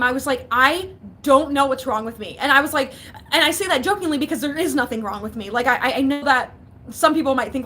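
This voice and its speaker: Bright, high-voiced, giggly young woman. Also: a little hiss or hum. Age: young adult. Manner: chatty, giggly, reads out comments. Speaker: vlogger. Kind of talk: casual livestream chat. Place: basement.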